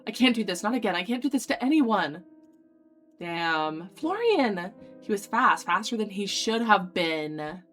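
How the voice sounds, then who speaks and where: A young woman streamer reading a dating sim aloud, voicing its lines dramatically and breaking off into loud excited reactions. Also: medium pitch, unhurried, faint music behind.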